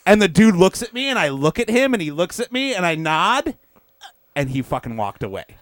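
A man's voice: sits high, a little fast, dry recording. A young man, a podcast co-host, telling a story in casual chat, swearing often and acting out the quotes. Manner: swears a lot, animated, acts out quotes.

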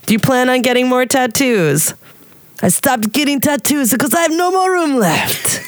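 A woman voicing a shy, smitten older man in a put-on Russian accent, speaking in halting, earnest broken English. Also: high voice, animated, dry recording, pitched above the performer's own voice. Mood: wistful. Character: older male tattoo fan, shy and smitten.

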